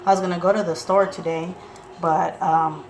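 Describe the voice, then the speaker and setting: A young mother talks straight to her viewers in a loose, unfiltered way, swearing without a second thought. She acts out what her family said with lively energy. Faint room noise sits under the voice. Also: fairly low pitch, normal speed. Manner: chatty, blunt, swears freely, acts out quotes animatedly. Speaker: vlogger, mother of two. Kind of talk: casual chat to viewers.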